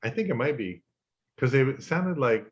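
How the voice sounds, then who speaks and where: A man's voice: mid-range voice, lively intonation, moderate pace, highs cut off. A man co-hosting a podcast, chatting casually about music in an easygoing way and trailing off with fillers.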